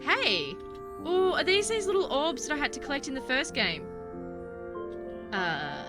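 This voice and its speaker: Brief: jumpy young woman streamer, very animated and slightly high, music in the background. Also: unhurried. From Australia. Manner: chatty, easily spooked, joking. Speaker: gaming streamer. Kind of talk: let's play commentary. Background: game music.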